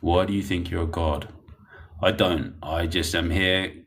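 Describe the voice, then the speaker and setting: Man, young adult, very low voice, livestream chat, blunt. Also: steady tone, measured pace, a bit bright, a little hiss or hum. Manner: blunt, rambling, laughs often. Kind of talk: casual livestream chat reading comments.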